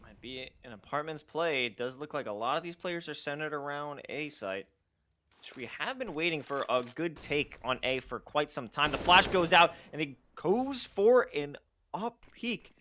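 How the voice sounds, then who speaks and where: Bright excitable esports play-by-play man. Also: normal speed, slight background noise. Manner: excitable, rising pitch on big plays. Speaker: play-by-play caster. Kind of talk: live esports play-by-play commentary.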